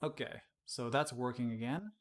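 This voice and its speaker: A man casually explaining his work on a live-streamed software tutorial, chatting and laughing at his own slips. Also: mid-range voice, moderate pace. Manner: casual, laughs often, self-deprecating.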